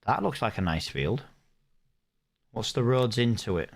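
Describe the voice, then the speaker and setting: This young British streamer talks to his chat and reads their comments, narrating his thoughts as he plays. He has a mid-range, creaky voice that is expressive and never rushed.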